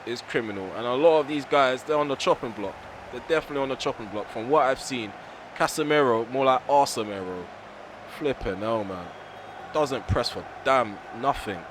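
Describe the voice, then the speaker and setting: A young man commentating his own football video game, ranting bluntly at his players with a voice going hoarse. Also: mid-range voice, moderate pace, noisy background. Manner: frustrated, ranting, blunt with mild swearing. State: voice getting hoarse. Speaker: gaming YouTuber. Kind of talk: live gameplay commentary.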